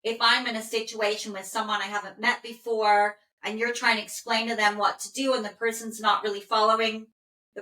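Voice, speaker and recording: A woman working as an animal communicator, calmly relaying a dog's messages in first person and pausing often with "okay". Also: a little high. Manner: calm, soothing, with frequent "okay" pauses. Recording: roomy echo.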